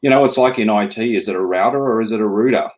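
A low-pitched Australian man in his forties talks easily as a podcast guest. His manner is relaxed and chatty, with frequent laughs. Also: racing. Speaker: guest, security executive. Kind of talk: casual interview chat.

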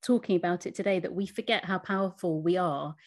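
Woman, podcast co-host, low-pitched voice, earnest, appreciative, casual chat. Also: fast talker. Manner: earnest, appreciative, restarts phrases.

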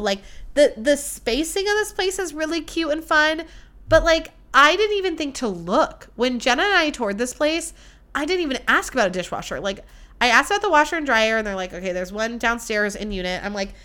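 A woman's voice: sits high, lively intonation, fairly quick, a bit bright. A young woman hosting a podcast, chatting casually and ranting with plenty of swearing and fillers. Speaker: podcast host. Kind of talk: casual solo podcast chat.

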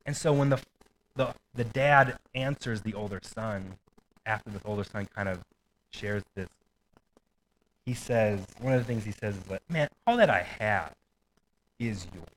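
A man's voice: fairly low pitch, moderate pace, pauses often, a little hiss or hum, rough recording. A man preaching a sermon in a casual, conversational way, with asides and light laughter. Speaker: pastor.

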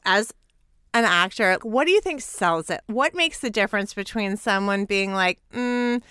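Bright, clear-voiced chatty woman host. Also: mid-range voice, normal speed, no room sound, clean studio sound. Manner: chatty, heavy use of "like", animated storytelling. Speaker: podcast host. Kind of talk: casual interview chat.

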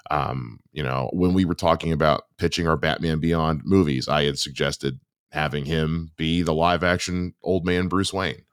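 A man co-hosting a podcast in casual chat, talking haltingly with many fillers. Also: extremely low pitch, steady tone, smooth, dry recording, studio quality. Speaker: podcast co-host.

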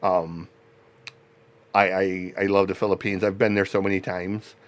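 A man hosting a podcast, talking in a rambling, halting way with many restarts and frequent laughter. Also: low voice, little pitch movement. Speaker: podcast host. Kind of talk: casual interview chat.

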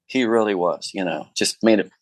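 A low-voiced man being interviewed as an actor guest, telling lively anecdotes with lots of fillers and restarts. His voice is recorded close and dry. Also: moderate pace, dry recording, poor audio. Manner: animated storyteller with many fillers and restarts.

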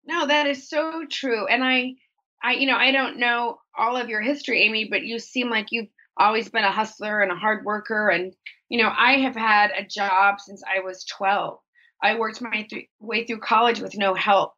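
A woman's voice: a little high, fairly even intonation, moderate pace, sharp tone, lo-fi sound. A woman talking candidly as an interview guest. She is open and reflective, and she acts out her own inner thoughts in livelier voices.

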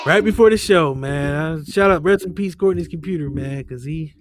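A man's voice: on the high side, normal speed, over a noisy crowd, heavy background noise. A man hosting a casual podcast, joking loosely and swearing freely over a remote call. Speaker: podcast host. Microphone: remote call setup.

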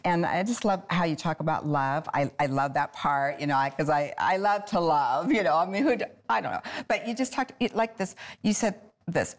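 A woman with a low-pitched voice hosts a Christian talk show. She gushes, stumbles over her words and repeats phrases, often reading devotional passages aloud. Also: expressive, moderate pace.

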